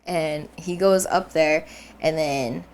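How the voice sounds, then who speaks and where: Speaking slowly in a low voice, a young podcast co-host recounts a dream in casual conversation. She tells it with animation, performing the voices of the people in it and laughing frequently.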